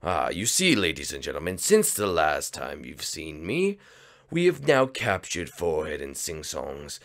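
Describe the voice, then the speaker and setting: A man's voice: very deep voice, huge pitch swings, a little slow, gravelly, fairly bright tone, voice pushed down, heavily acted. A man voicing a scheming male reptile villain professor, gloating and theatrical, for a game roleplay.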